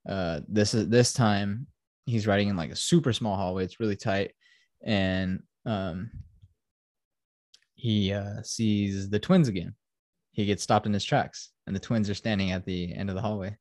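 A man's voice: on the low side, fairly even intonation, unhurried, darkish tone, no room sound. A man hosting a podcast who casually recaps a film in a rambling, profane way full of fillers. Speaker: podcast host.

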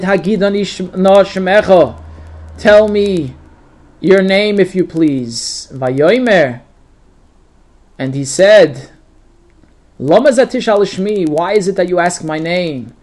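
A man with a fairly high voice teaches a weekly Torah portion, reading out each verse before explaining it. He mixes Yiddish words into his English and often restarts his sentences. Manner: reads Hebrew verses then translates, with restarts and Yiddish words. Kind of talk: line-by-line Torah lesson with translation.

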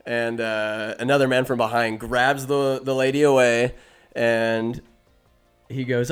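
Man, smooth clear voice, rambling joking recap, faint music behind. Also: mid-range voice, flat delivery, a little slow. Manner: rambling, jokey asides, self-interrupting. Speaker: movie recap host. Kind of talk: comic movie recap.

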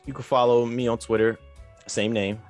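A man's voice: mid-range voice, flat delivery, normal speed, soft background music. A man co-hosting a podcast in laid-back, slangy, rambling casual chat. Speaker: podcast co-host.

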